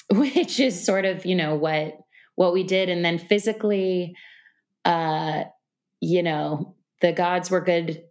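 A woman guest on a podcast, talking in a relaxed, reflective way, with lots of fillers. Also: lowish voice, takes it slowly. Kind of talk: casual interview conversation. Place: New York City.

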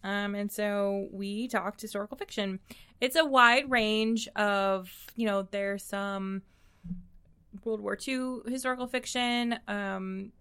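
A woman's voice: medium pitch, fairly even intonation, fairly bright tone, clean tone. A woman co-hosting a podcast in casual chat, upbeat and chatty. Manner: upbeat, chatty, quick laughs. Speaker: podcast co-host.

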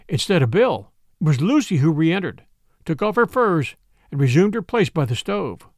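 Expressive male audiobook narrator. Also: a little high, moderate pace, no room sound, clean studio sound. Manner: expressive storytelling.

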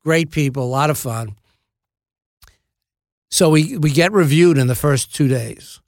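Gravelly older man telling showbiz stories. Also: on the high side, unhurried, no room sound, clean studio sound. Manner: self-deprecating, acts out quoted dialogue. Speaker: actor guest. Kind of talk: anecdotal storytelling in a podcast interview. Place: podcast studio.

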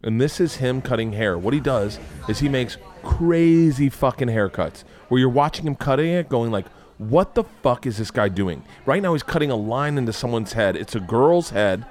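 A man hosting a casual podcast chat, rambling and swearing with excitable energy. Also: medium pitch, moderate pace, hardly any pauses. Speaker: podcast host.

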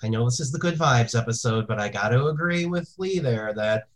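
An opinionated woman on a podcast with a remarkably deep voice. Her pitch swings widely as she argues her points. She stumbles over repeated words when she gets going. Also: animated, a little fast, rough recording. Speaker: podcast panelist. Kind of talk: casual podcast chat.

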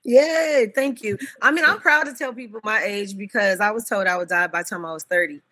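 A woman in her fifties telling stories as an interview guest, animated and often laughing. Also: mid-range voice, fairly quick. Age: 50s. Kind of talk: casual interview chat.

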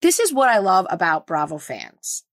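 A woman co-hosting a podcast, telling animated stories in a casual, excitable way. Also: lowish voice, moderate pace, no room sound. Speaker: podcast co-host. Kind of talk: casual chat.

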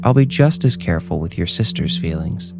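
A man voicing a calm, mystical woman fortune-teller who talks in a soothing, measured way, with music behind. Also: low-pitched, gravelly.

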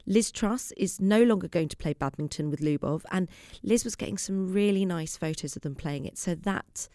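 A woman's voice: on the low side, normal speed, dark tone, no room sound, clean studio sound, close to an everyday voice. A woman playing an evasive Conservative backbench MP in a comedy sketch, talking in earnest political spin.

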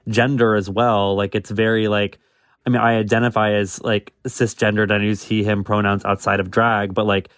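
A man's voice: on the low side, no echo, studio quality. A man co-hosting a podcast, talking casually with lots of fillers and laughs. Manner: rambling, filler-heavy, laughs often. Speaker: podcast co-host, drag performer. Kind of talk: casual chat.

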